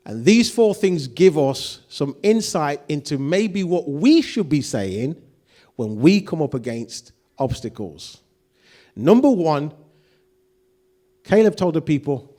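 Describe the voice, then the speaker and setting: A man's voice: a little high, big pitch swings, takes it slowly, mellow. A man preaching a sermon, acting out quoted voices and putting questions to the congregation. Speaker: pastor.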